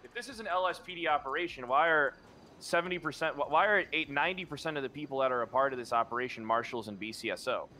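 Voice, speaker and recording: A man's voice: medium pitch, fast talker, bright, forceful tone, slight background noise. A man talking in character in a role-play game, emphatic and incredulous.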